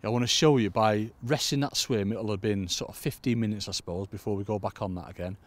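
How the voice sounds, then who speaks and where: On the low side and at a quick pace, a British angling coach's voice leads a casual outdoor fishing tutorial. Standing by a lake in cold weather, he chats away, regularly calling his listeners "folks."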